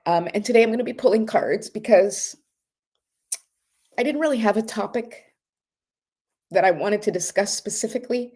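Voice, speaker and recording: Leading a breathing exercise after rambling earnestly and tearfully, this livestream oracle card host speaks at medium pitch and moderate pace. She takes long pauses, and her voice is a little mellow with a breathy edge.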